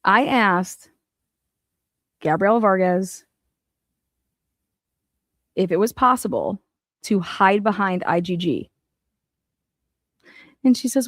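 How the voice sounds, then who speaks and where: A woman talking through documents on her own channel in a loose, unscripted way. She curses freely and lurches from quiet muttering to loud, excited outbursts. Her voice sits at an ordinary middle pitch and sounds close and dry, with no room around it. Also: slow, pauses often, no room sound. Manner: excitable and profane, swinging from muttering to loud exclamations. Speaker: online true-crime commentator. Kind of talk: casual commentary while reading documents.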